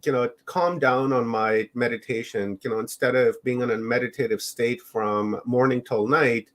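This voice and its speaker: A middle-aged man from Canada, a podcast guest recounting his own experiences in a loose, unhurried way. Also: medium pitch, steady tone. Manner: unhurried, rambling storytelling. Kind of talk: personal storytelling in an interview.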